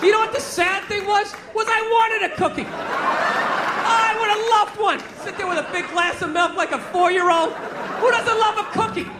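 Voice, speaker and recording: A man in his forties doing a loud, profane, exasperated stand-up rant on a theater stage. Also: extremely high pitch, steady tone, normal speed. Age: 40s. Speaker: stand-up comedian. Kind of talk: stand-up comedy set. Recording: live theater, laughing crowd, noise.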